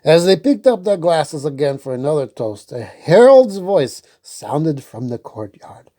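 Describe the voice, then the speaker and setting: Slow expressive woman reading a story. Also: sits low. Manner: expressive, unhurried. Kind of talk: storybook read-aloud.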